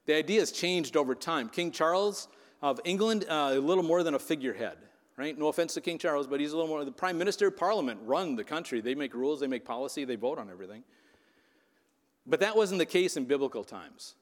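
A man's voice: fairly high pitch, animated, quick pace, in a large hall. A man preaching a sermon as pastor, in a conversational way that keeps checking in with the congregation. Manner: conversational, keeps asking "right?".

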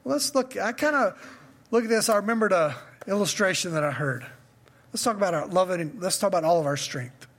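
High-voiced man preaching a sermon. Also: lively intonation, brisk, fairly bright tone. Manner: conversational preaching, builds to emphatic questions. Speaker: pastor.

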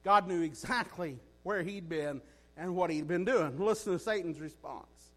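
A man preaching a sermon in a folksy, animated way, often asking his listeners "right?". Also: high-pitched, moderate pace.

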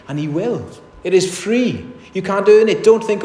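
A man's voice: sits high, expressive, moderate pace, hardly any pauses, dark tone. A man preaching a sermon in a church, earnest and emphatic, often asking his listeners rhetorical questions. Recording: echoey hall reverb.

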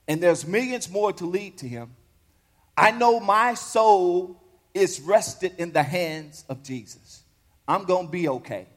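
A man doing a fatherly old preacher. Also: sits high. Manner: fatherly, pleading. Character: kindly older male preacher, calm then stern. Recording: long reverb of a large hall.

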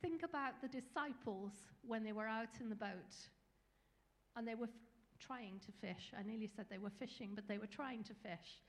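A woman's voice: fairly high pitch, normal speed, big-room sound. A woman preacher giving an earnest, encouraging sermon with small fillers.

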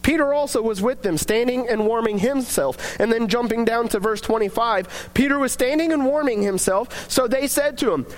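A man's voice: very high voice, moderate pace, hardly any pauses. A man preaching a sermon, reading scripture aloud and then explaining it in plain, earnest words.

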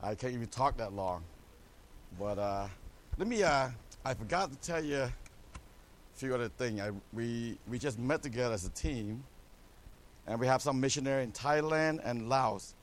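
A man's voice: medium pitch, animated, normal speed, a little hiss or hum. A middle-aged man from Cambodia, a missionary pastor giving a church a joking mission update full of "amen?" asides.

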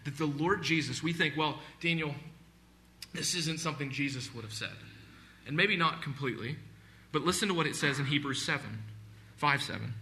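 A man's voice: on the high side, a little fast, bright, forceful tone. A man preaching a sermon as pastor, earnest and emphatic, reading scripture aloud.

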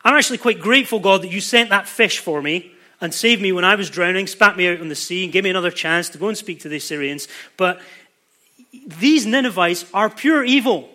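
Brief: man acting out an indignant prophet, pleading and aggrieved; high, bright voice. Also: a little fast. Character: indignant prophet complaining to God.

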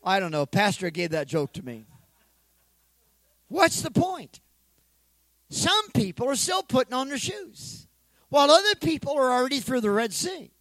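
A male pastor preaching an energetic sermon, calling for responses from the congregation and joking in between. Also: extremely high pitch, normal speed, long pauses, dry recording, poor audio. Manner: joking asides.

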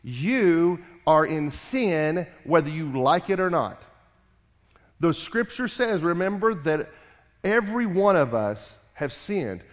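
A man preaching a sermon, emphatic and repetitive, rising loud and dropping quiet. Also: on the high side, very animated, takes it slowly. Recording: long hall reverb.

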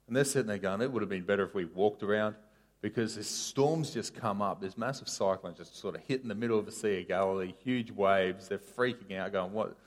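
A man preaching a casual sermon, telling a story with sharp rises and drops in his voice. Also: fairly low pitch. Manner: animated storytelling, voice rising and falling sharply.

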